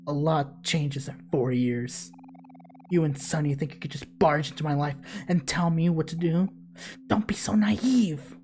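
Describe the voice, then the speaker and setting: A woman's voice: unhurried, slight background noise. A woman reading game dialogue aloud, voicing a sullen teenage girl who is cold and bitter. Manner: low, quiet and curt.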